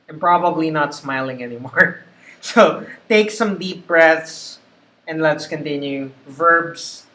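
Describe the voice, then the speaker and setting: A woman, a call center trainer, leading a pronunciation drill and reading words one by one, slowly and deliberately. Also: low voice, fairly bright tone. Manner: slow, deliberate word-by-word reading. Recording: echoey room.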